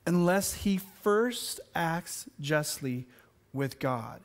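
Man, high voice, pastor preaching, animated, repeats words, loud bursts and quiet emphasis. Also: unhurried. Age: adult with children. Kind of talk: sermon.

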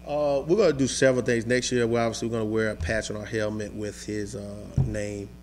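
A man, a high school football coach, recalling a lost team member in a halting interview with many pauses and fillers. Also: little pitch movement, soft background music. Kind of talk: emotional interview recollection.

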